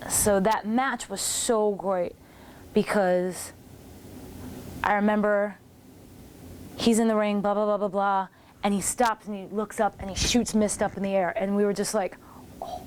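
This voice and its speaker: A woman's voice: mid-range voice, slight background noise. Chatty woman telling wrestling stories. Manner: animated, acts out others' lines in quotes. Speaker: former wrestler recalling her career. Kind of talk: casual storytelling commentary.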